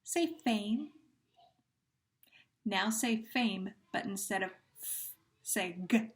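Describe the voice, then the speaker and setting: Slow, patient woman teacher. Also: medium pitch. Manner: slow, deliberate, stretches words when repeating them; patient, encouraging praise. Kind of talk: phonemic awareness drill lesson.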